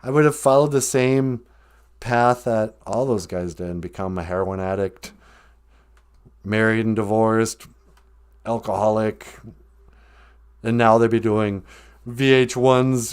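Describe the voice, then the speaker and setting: A man's voice: on the low side, a little slow, long pauses, clear, resonant tone. A man hosting a podcast, musing in a laid-back, self-mocking way. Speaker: podcast host. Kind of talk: casual chat.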